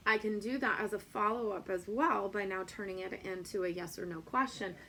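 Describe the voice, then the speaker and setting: A woman's voice: mid-range voice, fairly even intonation, fairly quick, fairly bright tone, slight background noise. A woman Spanish teacher talking casually to other teachers, with many ums, and playful and sing-song when she recites a children's rhyme. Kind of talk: teacher training talk.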